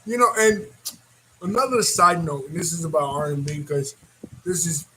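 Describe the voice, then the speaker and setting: A man with a high voice talks straight to his viewers in a loose, rambling reaction commentary. He gets animated and laughs easily. A faint hiss of noise sits under his voice. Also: normal speed, poor audio. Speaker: reaction video host.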